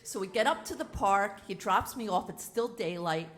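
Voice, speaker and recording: A woman telling a personal story live on a theater stage, animated and frank, acting out the dialogue as she goes. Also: mid-range voice, moderate pace. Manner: animated, dramatic retelling with quoted dialogue; casual and frank. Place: theater stage before an audience.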